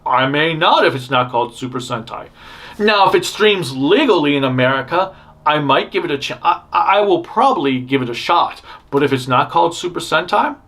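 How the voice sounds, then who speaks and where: Brisk and expressive, this fan news show host rambles through casual, opinionated commentary, often restarting and cutting himself off. His male voice is a little high and fairly bright.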